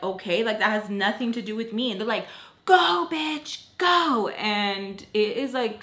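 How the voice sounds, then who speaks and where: A woman's voice: medium pitch, roomy sound. A young woman telling a dramatic storytime, acting out scared quotes and talking with many fillers. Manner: animated, acts out scared quotes, many likes. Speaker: storytime vlogger. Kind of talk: storytime vlog while doing makeup.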